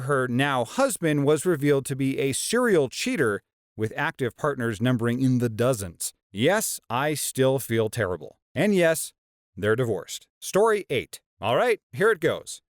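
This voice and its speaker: A man narrates reader stories in a lively, swooping voice with a smooth, clean tone. He leans into punchlines with playful, sarcastic emphasis, recorded close and dry with no room sound. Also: medium pitch, dry recording. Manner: animated, sarcastic asides, playful dramatic emphasis. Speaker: story channel narrator. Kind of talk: reading out internet stories with commentary.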